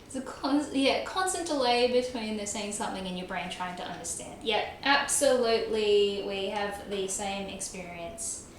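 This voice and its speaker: A woman's voice: medium pitch, moderate pace. A young woman livestreaming a game, chatting casually with her chat, self-mocking and laughing often. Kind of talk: casual chat while gaming, reading chat. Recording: very echoey room, faint noise.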